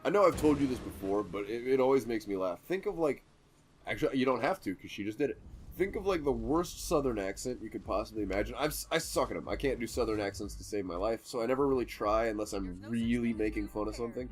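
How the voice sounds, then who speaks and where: A man's voice: mid-range voice, lively intonation, fast talker. A man co-hosting a let's play in casual chat, rambling and sarcastic.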